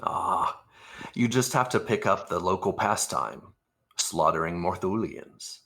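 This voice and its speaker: A man voicing a gruff, wary old ex-soldier who calls people son. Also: deep voice, lively intonation, a little slow, pushed and bright, full character voice. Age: older (figure).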